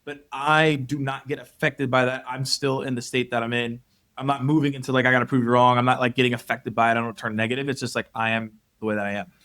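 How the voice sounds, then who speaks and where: A man speaking as a guest on a podcast in casual conversation, telling animated stories and acting out what people said. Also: medium pitch, fast talker. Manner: animated storyteller, acts out quotes.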